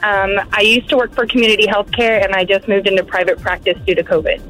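A woman's voice: medium pitch, level tone, quick pace, a bit bright, faint music behind, rough recording. A thirty-year-old woman calling into a radio show, shy and hesitant with many ums. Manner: shy, short hesitant answers. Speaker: caller.

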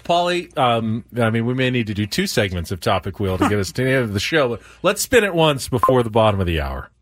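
A man's voice: mid-range voice, very animated, fast talker, fairly bright tone, no echo. A man hosting a casual sports radio show from a studio, easygoing and joking with his co-hosts. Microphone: studio microphone.

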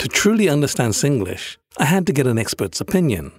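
British man narrating with lively intonation. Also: mid-range voice, a little fast, breathy edge, no room sound, clean studio sound. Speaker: host and voice-over producer. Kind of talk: scripted documentary narration.

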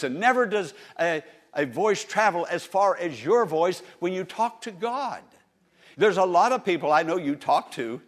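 A man preaching a sermon with passion, calling on the listeners to answer him, his delivery swelling and dropping. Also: sits high. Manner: impassioned, rising and falling, calls on listeners to answer.

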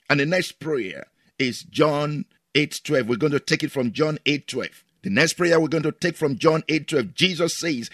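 A man's voice: medium pitch, moderate pace, fairly bright tone, no room sound, clean studio sound. A man preaching as a pastor, repeating each line with emphasis and leading the listener through prayers. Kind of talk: prayer sermon.

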